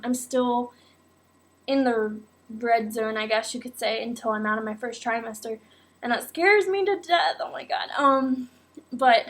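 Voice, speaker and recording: A young woman vlogger telling a personal story in a casual, animated way, full of "like" and "oh my God". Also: fairly high pitch. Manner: animated, acts out quotes, many fillers like "like" and "oh my God".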